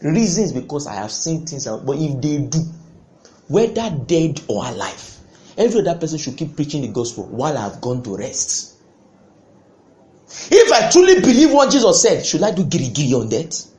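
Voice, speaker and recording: Guy preaching hard, voice jumps all over, big loud bursts. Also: on the high side, big pitch swings, moderate pace. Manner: impassioned, with sudden loud bursts and laughter. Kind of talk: sermon.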